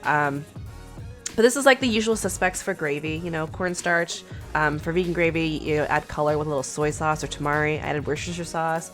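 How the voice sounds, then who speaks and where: A woman's voice: deep voice, fairly quick, fairly bright tone, soft background music. A woman with a sick, congested voice, chatting casually through a food vlog with lots of fillers. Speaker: food vlogger.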